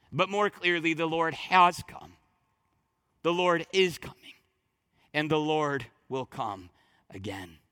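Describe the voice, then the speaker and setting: A man preaching an expository sermon as pastor, emphatic, building to fervent peaks and then dropping low and quiet. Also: no room sound.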